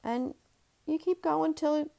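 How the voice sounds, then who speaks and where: A woman's voice: sits high, slow, gravelly, dark tone. A woman hosting a writing podcast, talking casually about fiction craft with fillers and asides. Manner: chatty, reflective, with fillers and asides. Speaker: writing teacher and podcast host.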